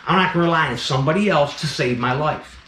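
Fired-up snake breeder ranting bluntly. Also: male voice, fairly high pitch, quick pace, sharp tone, roomy sound, slight background noise. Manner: blunt, fired-up, repeats himself. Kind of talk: impassioned vlog rant.

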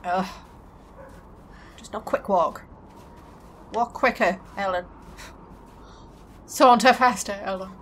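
A woman's voice: mid-range voice, steady tone, slow, pauses often, fairly bright tone, slight background noise. A woman casually commentating a game, chatty and jokey, talking back to the characters. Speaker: let's play host.

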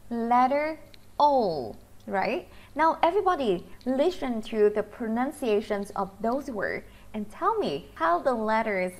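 A woman with a Vietnamese accent teaching English pronunciation to children, slowly drawing out each vowel sound. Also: a little high. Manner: slow, sing-song teacher talk, drawing out vowel sounds.

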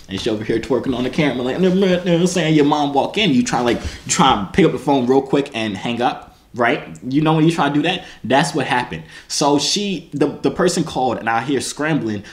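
Male vlogger, casual storytelling to camera, slangy and self-mocking, mid pitch. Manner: animated, slangy, self-mocking, full of restarts and "you feel me".

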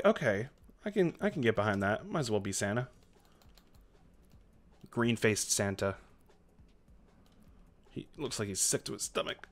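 A man streaming a video game live, reacting excitably and chatting to his viewers. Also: fairly low pitch, unhurried, pauses often. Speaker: Twitch streamer.

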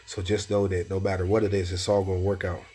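Man, low husky voice, heartfelt spoken testimony, repeats key phrases like a preacher. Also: little pitch movement, quick pace, a little mellow. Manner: preacher-like, repeats phrases, rises in pitch when exhorting. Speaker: Christian encourager giving personal testimony.

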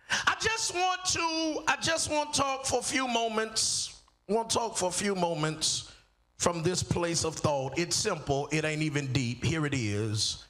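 A man preaching as a guest pastor at a church service, emphatic and repetitive, drawing out key words and building to shouts while he calls on the congregation to answer. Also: a little high. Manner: drawn-out phrasing on key words. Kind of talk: sermon with call and response.

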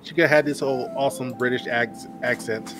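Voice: medium pitch, steady tone, brisk, a bit bright, faint music behind. A podcast guest chatting playfully. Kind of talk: casual chat.

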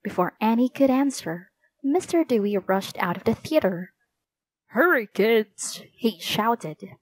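A woman narrating a children's storybook in a clear, expressive read-aloud manner. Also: mid-range voice, measured pace. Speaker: audiobook narrator.

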